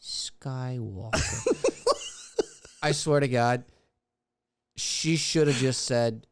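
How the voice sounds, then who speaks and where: Casting: young male podcast co-host, smooth resonant voice, easygoing and agreeable. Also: mid-range voice, drawn-out words, pauses often. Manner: agreeable, laughs at his own jokes. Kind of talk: casual chat.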